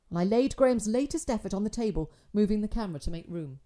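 A woman's voice: mid-range voice, expressive, fast, hardly any pauses, mellow. A woman narrating a story in a dry, wry storytelling manner.

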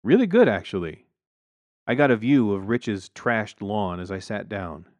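A man's voice: on the low side, measured pace, dry recording, lo-fi sound. A man narrating a first-person story with wry, dry humor.

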